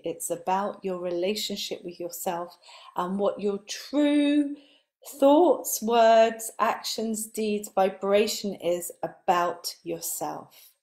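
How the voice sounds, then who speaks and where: A woman working as a spiritual coach speaks live and earnestly, motivating her audience by building points in repeated lists. Her medium-pitched voice grows soft and breathy whenever she lands on a key word.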